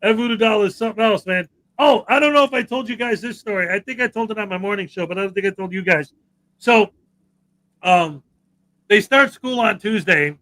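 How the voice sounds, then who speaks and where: High bright guy hosting a stream, talks easy and excited. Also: brisk, low-quality recording. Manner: chatty, enthusiastic. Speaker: livestream host. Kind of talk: casual livestream chat.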